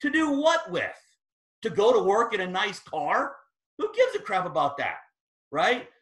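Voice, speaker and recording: Man, guest speaker, lively motivational storytelling, slightly high voice, echoey room. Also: measured pace. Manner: energetic, storytelling, rising to emphatic peaks. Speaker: guest speaker at team training. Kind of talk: motivational talk.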